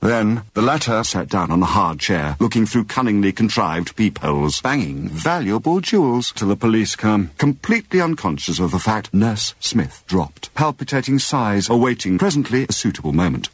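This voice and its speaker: A man narrating an improvised nonsense mystery story in a rambling, deadpan, tongue-twisting way. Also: fairly low pitch, normal speed, few pauses, breathy edge, no echo.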